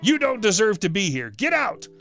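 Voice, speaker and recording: A man doing a shrill, entitled woman diner. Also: animated, fairly quick, a bit bright, soft background music. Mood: contemptuous.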